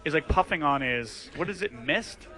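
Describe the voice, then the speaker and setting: A man's voice: on the high side, normal speed, soft background music. A man in his thirties co-hosting a podcast, chatting casually in a bar and acting out the people in his stories. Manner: animated storyteller, acts out quotes. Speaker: podcast co-host.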